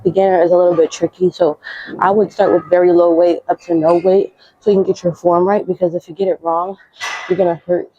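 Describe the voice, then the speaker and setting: A woman's voice: fairly low pitch, dark tone, breathy edge, no echo, muffled recording. Breathless woman coaching a workout. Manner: chatty, coaching, slangy. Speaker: fitness vlogger. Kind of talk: casual workout instruction.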